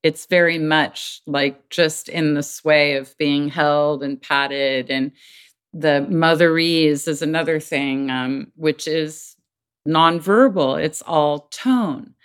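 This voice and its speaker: A middle-aged woman speaking earnestly as an interview guest, now and then acting out quoted voices with sudden high swoops. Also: takes it slowly, smooth. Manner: earnest, acts out quoted voices with big pitch jumps. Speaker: podcast guest, child advocate. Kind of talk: conversational interview talk.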